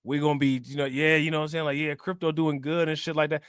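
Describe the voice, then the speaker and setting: A man's voice: on the high side, flat delivery, fast talker, a bit bright, clean tone, dry recording, clean studio sound. A man hosting a crypto livestream in casual chat, joking, laughing and slangy. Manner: joking, laughing, slangy, repeats "you know what I'm saying".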